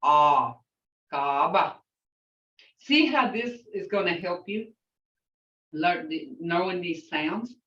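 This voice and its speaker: An older woman, a language teacher, slowly repeating words so her class can hear how they are pronounced, and talking in an outspoken way. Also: lowish voice, animated, a bit bright. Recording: roomy, distant, dull lo-fi sound.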